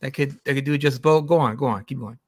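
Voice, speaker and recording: A man's voice: medium pitch, fast talker, no echo. A man hosting a live stream, chatting casually with restarts and easy laughter. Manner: relaxed, laughing, frequent restarts and fillers. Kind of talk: casual chat about comics.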